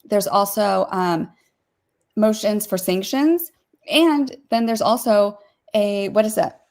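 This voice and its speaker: A woman co-hosting a casual livestream, talking through court filings in a rapid, opinionated way with many fillers. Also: medium pitch, a little mellow. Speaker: co-host discussing court filings.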